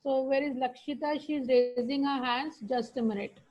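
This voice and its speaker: A woman's voice: high-pitched, fairly even intonation, a little mellow. A woman with an Indian English accent coordinating a children's video call, telling the kids to unmute and speak. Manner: brisk, directing children. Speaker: session coordinator. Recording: dull, lo-fi call audio.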